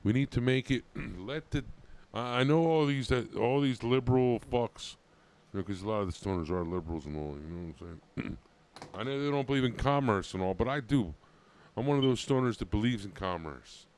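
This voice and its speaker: A man's voice: medium pitch, lively intonation, a little fast, darkish tone, smooth. A man hosting a live stream, chatting casually in a crude, joking way and laughing often. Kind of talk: casual banter.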